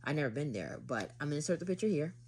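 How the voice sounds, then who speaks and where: A woman's voice: deep voice, lively intonation, racing, darkish tone, breathy edge. A woman from Haiti chatting to camera, retelling a date in a dramatic, slangy storytime vlog. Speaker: vlogger.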